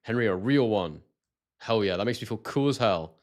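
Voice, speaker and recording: A young British man from Scotland with a London-like accent, hosting a live boxing stream in casual commentary and reading out chat messages excitedly. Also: on the low side, normal speed. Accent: southern English, London-like.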